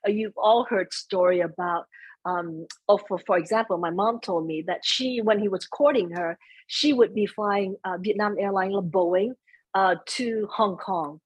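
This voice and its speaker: Soft-spoken woman with a husky voice. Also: mid-range voice, unhurried, no room sound, dull audio. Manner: mixes in Vietnamese phrases. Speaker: interview guest. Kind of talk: casual conversation.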